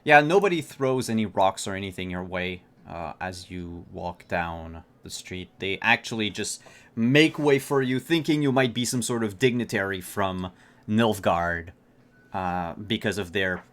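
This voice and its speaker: A man running a tabletop game as game master, narrating in a relaxed way with frequent fillers. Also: deep voice, measured pace.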